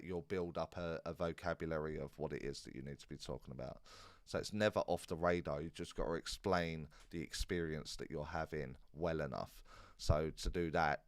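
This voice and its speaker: A man hosting a live Q&A stream in a relaxed, rambling way, with many fillers and restarts. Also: extremely low pitch, clean tone, no echo, clean studio sound. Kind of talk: casual live-stream chat.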